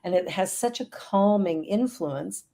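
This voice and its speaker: A woman's voice: medium pitch, animated, measured pace, gravelly, dark tone. A middle-aged woman talking in an earnest, upbeat way during a casual video-call chat. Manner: earnest, upbeat, speaks of prayer and affirmations.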